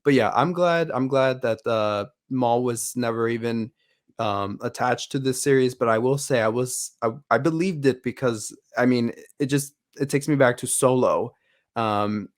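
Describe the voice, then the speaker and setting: A man's voice: medium pitch, moderate pace. A man co-hosting a fan podcast in casual chat, rambling with frequent restarts and fillers. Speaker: podcast co-host.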